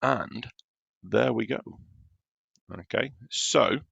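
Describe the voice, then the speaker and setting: A man's voice: mid-range voice, drawn-out words, gravelly, fairly bright tone, slightly rough, no echo, highs cut off. A man teaching a primary class in a recorded home-learning lesson, patiently explaining step by step as he checks his own writing.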